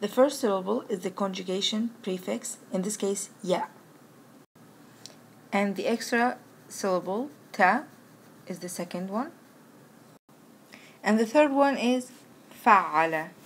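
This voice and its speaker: A woman teaching an Arabic grammar lesson, patiently explaining verb patterns step by step and reciting conjugations slowly. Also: medium pitch, a little hiss or hum. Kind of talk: recorded language lesson.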